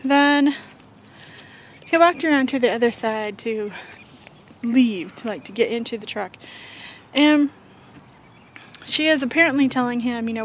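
A woman's voice: on the high side, unhurried, long pauses, slight background noise. A woman vlogging on her porch, telling a story in a chatty, rambling way with fillers and sighs. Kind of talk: casual storytelling vlog. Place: home porch, outdoors.

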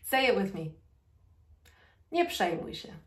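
Woman, language teacher, bubbly, unhurried delivery, slow careful repeats, roomy small-room echo. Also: mid-range voice, sing-song, fairly bright tone. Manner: bubbly, repeats phrases slowly for learners. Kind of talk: casual language lesson. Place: small nook at home, sitting on the floor.

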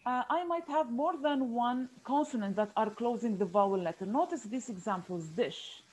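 A woman's voice: a little high, lively intonation, moderate pace, a little mellow, slight background noise, poor audio. A woman teaching an online phonics lesson, patiently repeating key words with frequent fillers.

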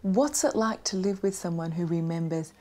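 A woman's voice: fairly low pitch, normal speed, dark tone. An Australian woman TV interviewer asking direct questions.

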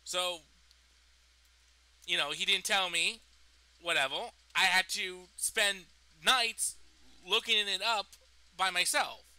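A young man rambles through a personal story, swearing and restarting his sentences. His voice sits high and sounds very bright and sharp. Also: fairly even intonation, takes it slowly, long pauses, poor audio. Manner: rambling, profane, full of fillers and restarts. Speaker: storytime vlogger. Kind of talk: casual storytime.

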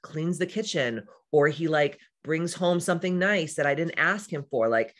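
A woman's voice: sits low, expressive, moderate pace. A woman talking about astrology in a casual vlog, speaking in a frank, chatty way with lots of fillers, swearing and tangents. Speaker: astrology and life coach. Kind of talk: casual spiritual vlog talk.

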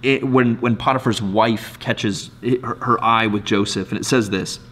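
A man's voice: mid-range voice, fairly even intonation, unhurried, a bit bright. Earnest conversational male pastor. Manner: conversational, earnest, frequent restarts and "right?". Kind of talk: devotional sermon.

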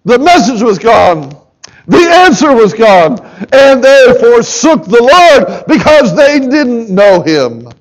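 High-voiced, emotional man preaching. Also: big pitch swings, takes it slowly, poor audio. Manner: impassioned, swinging from soft and low to loud and urgent. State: emotional, near tears. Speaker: pastor. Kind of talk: sermon. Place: church sanctuary.

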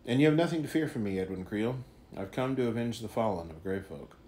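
A man voicing a calm, mysterious hooded stranger with a measured, knowing, faintly wry delivery. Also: lowish voice, a little hiss or hum, close to an everyday voice. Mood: cryptic.

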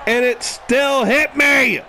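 A man commentating a let's play with shouty, melodramatic trash talk. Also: extremely high pitch, steady tone, slow, a faint crowd, slight background noise. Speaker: gameplay commentator.

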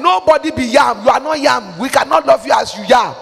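Gravelly Nigerian woman preaching forcefully. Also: high voice, animated, a little fast, big-room sound, faint music behind. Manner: forceful exhortation, mixing pidgin with English, bursts of shouting. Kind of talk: sermon.

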